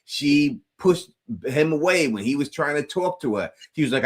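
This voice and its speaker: A man's voice: a little high, animated, brisk. A man co-hosting a casual recap show, talking bluntly in profane street slang. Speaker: podcast co-host.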